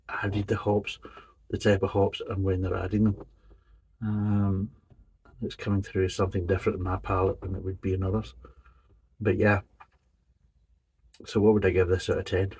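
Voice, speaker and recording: Husky low-voiced man reviewing beer. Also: a little mellow, poor audio. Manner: methodical, detailed tasting commentary. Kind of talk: casual tasting review.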